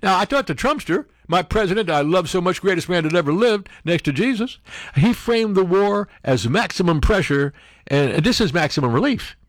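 A man's voice: high-pitched, expressive, moderate pace, no room sound, clean studio sound. Sarcastic older man mocking the news. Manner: mocking, acts out silly voices for quoted people. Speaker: political commentary host.

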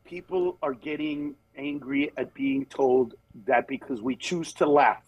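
A man, a comedian, talking in a casual podcast conversation, telling animated stories, slipping into quick character voices, and turning earnest and emphatic on serious points. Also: mid-range voice, breathy edge, no echo, low-quality recording. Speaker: stand-up comedian guest.

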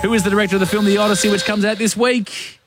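Man, radio studio host, raised pitch, dry exasperated ribbing, faint music. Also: flat delivery, racing. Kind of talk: breakfast radio banter and quiz.

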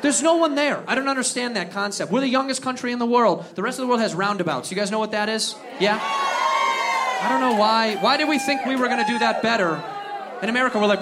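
A man's voice: very high-pitched, wildly swooping pitch, a little fast. A man doing stand-up comedy, ranting in exasperation and acting out little exchanges. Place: comedy club stage. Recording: crowd laughter and noisy club.

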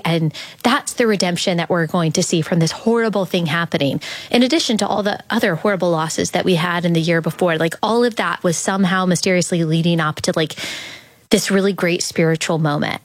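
A woman's voice: on the low side, fairly quick, no echo. A woman in her thirties, talking earnestly and thoughtfully in an interview, with lots of "like" fillers. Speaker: podcast guest. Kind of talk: reflective interview talk.

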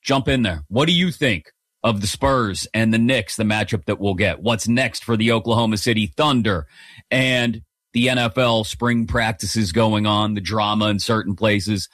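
A man hosting a live sports talk radio show with an upbeat, energetic broadcaster delivery on a studio microphone. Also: lowish voice, normal speed, dry recording.

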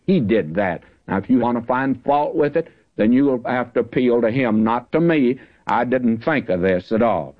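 A man gives a radio Bible sermon in a folksy, conversational way, leaning on key words and slowing down as he reads out verses. His voice sits at an ordinary middle pitch. The broadcast sounds dull and lo-fi. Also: lively intonation. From Southern California. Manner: folksy, conversational, slows to stress scripture. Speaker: Bible teacher.

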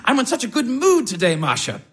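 An actor playing a fussy, cheerful schoolteacher and doting husband who chuckles often. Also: male voice, very high-pitched, huge pitch swings, brisk, husky, heavily acted. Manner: chuckling, chatty. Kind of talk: stage drama acting.

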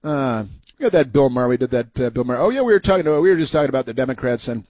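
A man's voice: medium pitch, animated, racing, darkish tone, dry recording. A man hosting a talk show, giving a rambling, sarcastic monologue full of fillers and restarts. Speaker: talk radio host.

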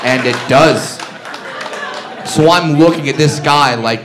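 A man doing brash stand-up comedy in a fairly high voice. He tells his story loudly to the crowd, and the live club recording carries clear background noise. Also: takes it slowly, long pauses. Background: audience laughter.

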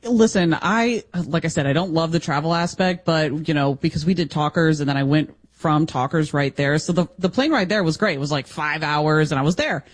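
A man from the United States co-hosting a radio show, telling travel stories in an animated way and laughing often. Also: a little high, fairly quick, hardly any pauses. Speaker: radio co-host. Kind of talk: casual radio chat.

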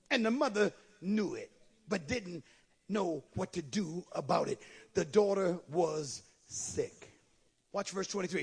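A man preaches a sermon in a very high, gravelly voice with a husky edge. He drops to quiet asides, then rises to shouted scripture, calling out to the congregation. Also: animated, unhurried. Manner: calls out to the congregation.

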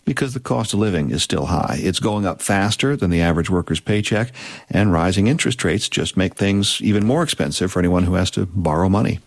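A male correspondent walks through economic news on the radio, plain-spoken with the odd wry aside. His voice is fairly low, and the studio sound is dry and close. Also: expressive, fairly quick, gravelly, dry recording.

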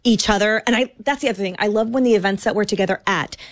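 An American woman TV host chatting casually, gushing and excitable, with lots of "like" fillers. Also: medium pitch, fast, no room sound. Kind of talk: casual chat.

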